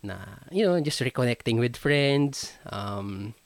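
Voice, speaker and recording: A man's voice: medium pitch, measured pace, dry recording. A man with a Filipino accent hosting a solo podcast, chatting casually and easygoing, mixing English and Tagalog with plenty of fillers. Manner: relaxed, switching between English and Tagalog, many fillers and laughs. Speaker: podcast host.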